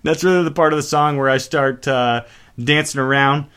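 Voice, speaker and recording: A man's voice: on the high side, fairly even intonation, normal speed, fairly bright tone, smooth. A man hosting a show, introducing songs in casual chat, rambling, swearing and mocking himself. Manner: rambling, profane and self-mocking. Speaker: host.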